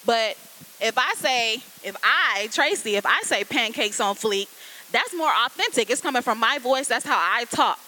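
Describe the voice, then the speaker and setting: A woman speaking to a class of students as a guest copywriter, in a lively, casual, conversational way, turning often to address them directly. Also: a little high, moderate pace, poor audio.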